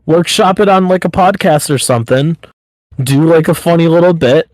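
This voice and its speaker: This podcast co-host is a man whose pitch sits slightly high, speaking at a moderate pace with a darkish tone. Bluntly and with casual swearing, he keeps urging his friend on with pep-talk advice in a relaxed chat. No echo here: the audio is close, dry and low in quality.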